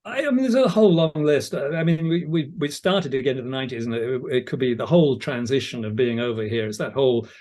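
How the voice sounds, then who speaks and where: A man's voice: mid-range voice, quick pace, few pauses, darkish tone. An older British man, an audiobook narrator, telling stories in a casual, self-deprecating interview chat. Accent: British English. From England. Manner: chatty, anecdotal, self-deprecating.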